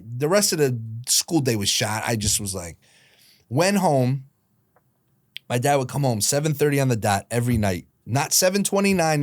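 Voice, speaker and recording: A man's voice: medium pitch, no echo. Man telling his story, dry sound. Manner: lively retelling, acting out quoted voices, quick asides. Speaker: guest, hockey team founder. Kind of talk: storytelling in a podcast interview.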